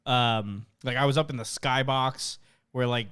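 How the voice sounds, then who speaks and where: A young man, a podcast co-host, telling a story in an animated way with a lot of laughter, in casual chat. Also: mid-range voice, unhurried, clean tone.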